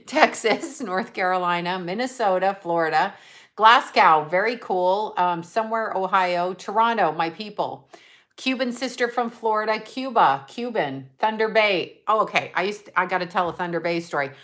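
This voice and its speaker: A woman's voice: medium pitch, moderate pace, a bit bright. A woman hosting a casual livestream from home, chatting in a bubbly way and reading out where her viewers are. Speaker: livestream host. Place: at home, just out of bed.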